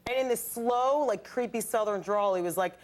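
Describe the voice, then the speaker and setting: A young woman telling stories as a guest on a late night talk show, in a chatty, animated way. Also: fairly high pitch, moderate pace. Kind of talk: casual chat. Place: television studio with audience. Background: studio audience.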